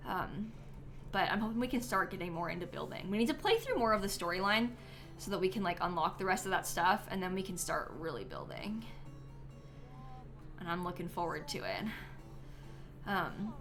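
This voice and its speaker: A woman's voice: lowish voice, sing-song, normal speed, pauses often, music in the background. A woman streaming a life-sim game live, chatting casually with many ums and likes and giggling now and then.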